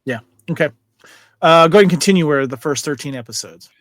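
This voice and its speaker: A man's voice: a little high, quick pace, fairly bright tone, no room sound. A man co-hosting a casual fan podcast, rambling through trivia with many fillers and restarts. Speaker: podcast co-host.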